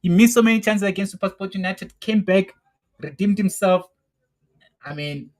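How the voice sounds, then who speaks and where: A young South African man hosts a live football watch-along, reacting as the match unfolds. He talks excitably, repeats his exclamations and keeps circling back to the same phrases. His voice sits a little high for a man. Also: moderate pace, rough recording. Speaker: football show host.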